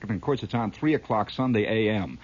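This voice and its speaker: A man's voice: fairly low pitch, lively intonation, brisk, a little hiss or hum. A man telling a rambling comic story, laughing at it as he goes. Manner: rambling, laughing at his own tale. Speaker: comedian. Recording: dull lo-fi old recording.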